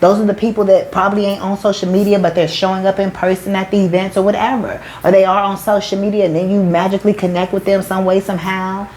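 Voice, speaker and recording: A woman's voice: mid-range voice, little pitch movement, fast, few pauses, darkish tone, a little hiss or hum, rough recording. A woman who works as a motivational speaker and spiritual coach, preaching to her followers in emphatic, slangy talk. She swears freely, restarts often, and keeps calling them "baby".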